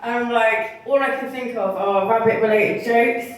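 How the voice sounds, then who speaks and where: A woman does a bawdy stand-up comedy set at a bar comedy night, with a slightly high voice. She giggles at her own stories and acts out the people in them. The sound is very echoey and seems to be recorded from across the room. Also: fairly even intonation, moderate pace. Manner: bawdy, laughing at own jokes, quoting in voices. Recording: echoey bar, mic heard from far.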